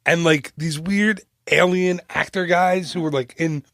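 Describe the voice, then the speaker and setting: A man's voice: on the high side, steady tone, fairly bright tone, no echo. Chatty male podcast host, dry close sound. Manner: joking, chatty, quick asides. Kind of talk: casual chat.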